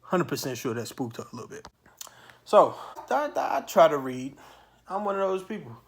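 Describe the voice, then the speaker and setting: Man swearing through an animated story. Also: on the high side. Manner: profane, animated storytelling with sudden loud outbursts. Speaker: channel host. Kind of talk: storytime monologue.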